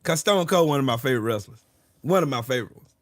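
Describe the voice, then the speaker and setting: A man's voice: mid-range voice, animated, fast, no room sound, clean studio sound. A man hosting a casual livestream, joking crudely and swearing often. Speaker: livestream host. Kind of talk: casual live-stream chat.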